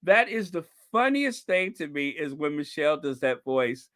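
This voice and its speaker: A man's voice: on the high side, very animated, normal speed, fairly bright tone. A man hosting a commentary channel, talking casually to his viewers with frequent laughter and emphatic asides.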